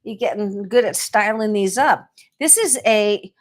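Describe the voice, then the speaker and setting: A woman's voice: medium pitch, a little slow. A woman co-hosting a live shopping stream, chatty and gushing as she shows off jewelry and china. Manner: chatty, gushing over items. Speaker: co-host selling items on a livestream. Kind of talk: casual live shopping chat.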